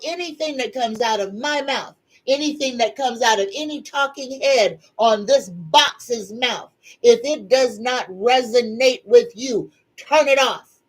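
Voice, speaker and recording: A middle-aged woman hosts a casual livestream, speaking very slowly. She greets viewers in a folksy, drawn-out way and addresses them as a group. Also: fairly high pitch, poor audio. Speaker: psychic livestream host. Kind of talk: casual live-stream chat.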